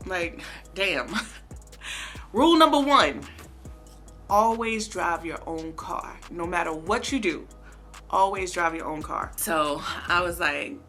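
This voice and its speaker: A young woman vlogger telling a casual storytime, animated and slangy, talking straight to her viewers. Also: on the low side, slow, soft background music. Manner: animated, slangy, addresses viewers as baby and girl.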